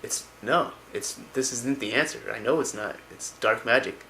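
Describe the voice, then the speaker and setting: A man's voice: medium pitch, moderate pace, bright, forceful tone, a little hiss or hum. A man voicing a stern old male dwarf mentor who pleads and warns in a fatherly way, raised a little above his own voice. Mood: warning.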